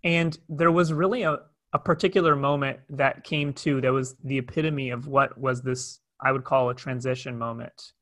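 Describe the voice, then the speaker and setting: At a moderate pace and medium pitch, a young adult man shares a personal story, keeping it open, conversational and animated as he retells it.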